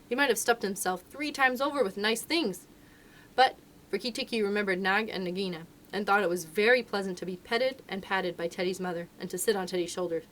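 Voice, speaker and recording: Woman, children's librarian, storybook read-aloud, expressive, mid-pitched voice, faint background noise. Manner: expressive, lively narration.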